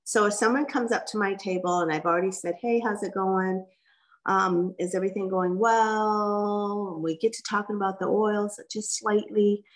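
A woman giving a direct, folksy workshop talk as guest speaker. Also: on the low side. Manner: lively, direct, folksy coaching. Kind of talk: workshop presentation.

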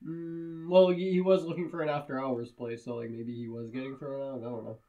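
A man's voice: medium pitch, little pitch movement, a little fast, dark tone, dull audio. Crude, giggly man riffing on a movie. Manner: crude, laughs often, does goofy voices. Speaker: podcast co-host. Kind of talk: casual movie-review banter.

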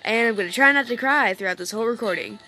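Woman gamer, casual commentary, upset, rambling, bright voice, faint music behind. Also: a little high, animated, quick pace. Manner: rambling, self-deprecating. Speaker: let's play gamer.

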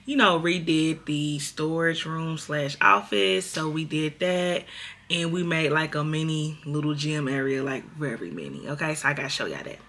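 A woman's voice: low voice, normal speed, fairly bright tone. A woman in her thirties talking candidly to her viewers in a casual home vlog. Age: 30s. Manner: candid, chatty, addresses viewers as y'all. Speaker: vlogger.

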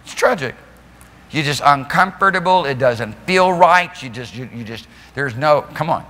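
A man preaching a lively evening sermon as pastor, laughing and acting out the people in his story. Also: a little high, moderate pace. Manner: animated preaching, laughing, mimicking voices. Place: church sanctuary. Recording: long hall reverb.

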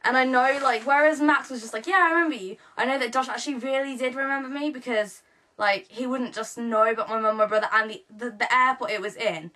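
A woman's voice: fairly high pitch, steady tone, brisk, bright, forceful tone. A teenage girl, rambling through a casual vlog story with many fillers and quoted dialogue. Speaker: vlogger.

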